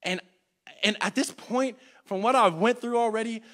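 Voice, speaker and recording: Young male teacher, higher-pitched voice, earnest sermon delivery that swings loud and soft. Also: moderate pace. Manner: earnest, swings between loud urging and hushed reflection. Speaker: church class teacher. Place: church classroom.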